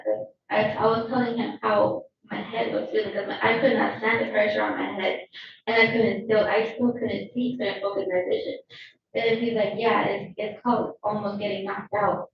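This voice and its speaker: Shaken woman with gravelly voice testifying. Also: a little high, a little hiss or hum. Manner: shaken, halting retelling. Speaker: witness. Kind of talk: courtroom testimony. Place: courtroom. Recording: echoey, distant, dull courtroom audio.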